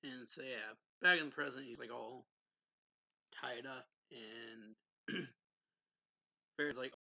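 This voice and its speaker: A man's voice: medium pitch, slow pace, creaky, pauses often, sharp tone, low-quality recording. A man hosting his own channel, recapping a manga chapter in a loose, rambling way full of fillers. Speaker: anime and manga reviewer, channel host.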